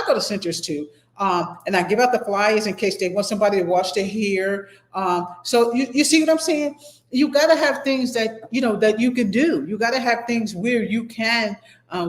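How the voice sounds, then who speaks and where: A middle-aged woman instructor giving a motivational talk to her class, emphatic and rambling, often repeating herself. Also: medium pitch. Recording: echoey room.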